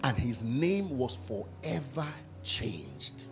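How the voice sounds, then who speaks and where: A middle-aged man preaching a sermon at a church service, acting out quotes and shouting at his peaks. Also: mid-range voice, very animated, slow pace, over music. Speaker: pastor.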